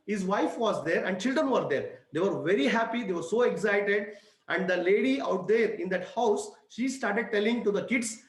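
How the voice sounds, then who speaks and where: Indian man giving a high-pitched pep talk. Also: roomy sound, rough recording. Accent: Indian English. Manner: preachy, repetitive, addresses crowd as ladies and gentlemen. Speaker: motivational speaker. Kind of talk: motivational speech with storytelling.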